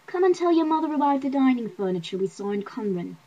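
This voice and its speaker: A woman's voice: sits high, sing-song, quick pace, warm tone, dull audio, voice pushed up, heavily acted. A woman voicing a smug, glamorous young woman who speaks breathily and sweetly condescending.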